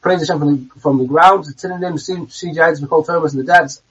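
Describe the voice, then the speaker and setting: High-voiced man teaching, distant and muffled. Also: brisk, fairly bright tone, husky. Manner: reads a phrase, then translates it with frequent restarts. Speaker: Talmud teacher. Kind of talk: reading and translating a text line by line. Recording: distant, dull, muffled recording.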